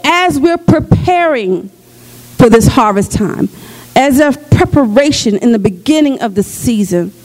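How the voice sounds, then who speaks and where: A woman with a high voice preaches a prophetic sermon with fervor. She repeats short phrases in a chanting call-and-response with her listeners. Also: a little mellow. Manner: breaks into storytelling with laughter.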